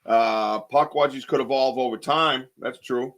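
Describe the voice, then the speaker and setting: A man's voice: mid-range voice, fairly even intonation, unhurried, a bit bright. A man hosting a casual live podcast, rambling and chatty as he reads viewer comments aloud, with lots of ums and restarts. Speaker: podcast host.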